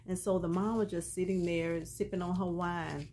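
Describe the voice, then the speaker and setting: A woman casually recapping a TV episode in an animated, chatty storytelling way, full of colloquial asides. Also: on the low side, moderate pace, a little hiss or hum.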